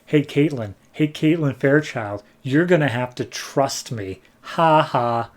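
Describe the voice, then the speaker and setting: A man's voice: medium pitch, takes it slowly, natural voice. A man voicing a brash, flippant male mercenary antihero in a comic recap, with an offhand, sarcastic delivery.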